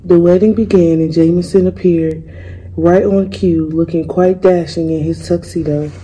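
A young woman, a student, reading a children's picture book aloud in a gentle, unhurried way. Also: on the low side, fairly even intonation, a little hiss or hum, rough recording. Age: young adult. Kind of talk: storybook read-aloud.

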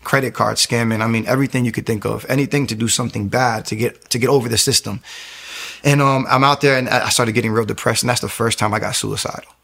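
Earnest man with a gravelly voice. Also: medium pitch, fairly even intonation, a bit bright. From New York area. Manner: earnest, emotional, halting with many restarts. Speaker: guest telling his testimony. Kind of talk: personal testimony storytelling.

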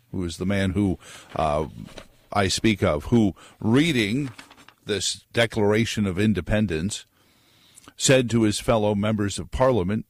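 Low-voiced joking male radio host. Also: no echo, studio quality. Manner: joking, digressive, conversational. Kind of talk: casual monologue on politics.

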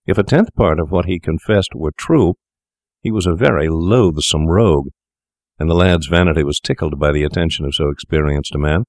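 A man narrates a classic story in a measured, formal way. His voice sits very low. The recording is dry and close, with no room sound. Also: darkish tone, no room sound. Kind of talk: scripted audiobook narration.

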